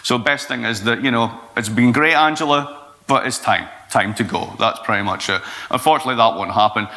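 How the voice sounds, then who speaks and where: A Scottish man in his forties, a guest speaker answering questions in a blunt, profane, lively way. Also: medium pitch, a little fast. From Scotland. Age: 40s. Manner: blunt, profane, animated storytelling. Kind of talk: Q&A talk at an event.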